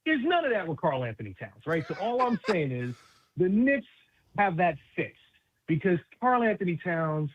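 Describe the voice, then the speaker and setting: A man's voice: high-pitched, big pitch swings, moderate pace, slight background noise. A man from New York City, a basketball analyst guest, chatting casually and animatedly on sports radio with street slang, over a tinny phone line.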